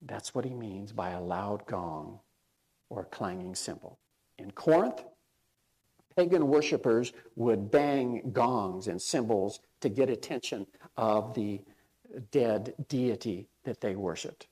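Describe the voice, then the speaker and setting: A man's voice: on the low side, takes it slowly, darkish tone. A male pastor preaching a sermon in a plain, conversational way, with frequent fillers and quoted lines acted out.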